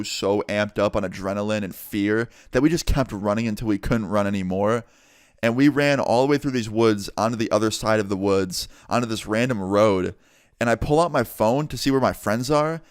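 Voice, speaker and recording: A young man telling a storytime tale in a casual, animated way, acting out the quoted lines and swearing freely. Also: mid-range voice, clear, resonant tone, no room sound, studio quality.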